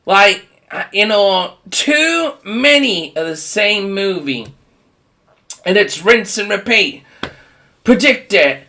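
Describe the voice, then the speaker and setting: A man delivers a profane, rambling rant in a bright, forceful voice. He talks at an unhurried pace, laughs often between his points, and mocks other people in put-on voices. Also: high voice, expressive. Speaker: horror movie vlogger.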